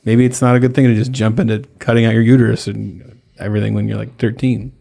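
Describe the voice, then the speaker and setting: A man's voice: on the low side, flat delivery, quick pace, creaky, dark tone. A man co-hosting a podcast, bantering casually with joking asides and hesitant fillers. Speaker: podcast co-host.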